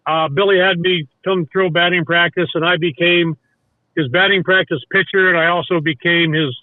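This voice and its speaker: Older man as a guest storyteller. High voice, dry and tinny like a phone line. Rambling anecdotes full of restarts and quoted dialogue. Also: steady tone, moderate pace, no echo. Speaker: guest, former baseball coach. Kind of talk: casual storytelling.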